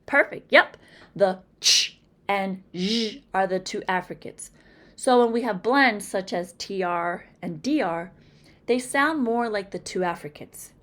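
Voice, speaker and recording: Slow, deliberate teacher woman from Massachusetts. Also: mid-range voice, lively intonation, fairly bright tone. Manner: slow, deliberate, over-articulating example words. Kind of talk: phonics lesson narration.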